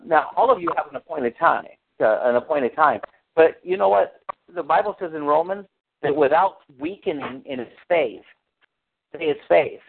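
Hosting an informal Bible study over a tinny phone line with faint noise, a man with a fairly high voice, lively intonation and vocal fry preaches emphatically at a moderate pace. He repeats his words and quotes scripture.

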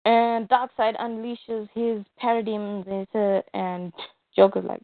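A woman narrating a superhero toy story in an animated, playful way. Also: fairly high pitch, measured pace, no room sound. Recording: tinny phone-like dry sound.

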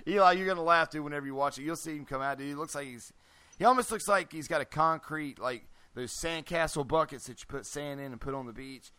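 Bright-voiced man, animated podcast host, dry close sound. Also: a little high, quick pace, clear, resonant tone, no echo. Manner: animated, joking, chants nonsense syllables. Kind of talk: casual podcast chat.

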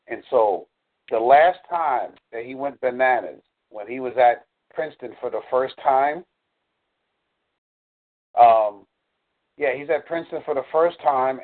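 Earnest man coaching over a phone line. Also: medium pitch. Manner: earnest, explanatory, uses y'all. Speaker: dating coach. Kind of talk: coaching call.

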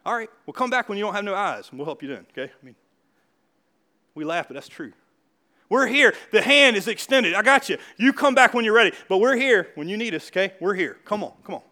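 A man preaches a sermon in a lively, conversational way, laughing along and pressing his points. His voice sits high for a man and rings with a bright, forceful edge. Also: a little fast. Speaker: pastor.

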